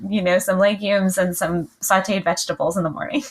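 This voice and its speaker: Middle-aged woman guest, casual and chatty, mid pitch, laughs easily. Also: fairly even intonation, a little fast. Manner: chatty, laughs often, many fillers. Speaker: podcast guest, client. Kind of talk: casual interview chat.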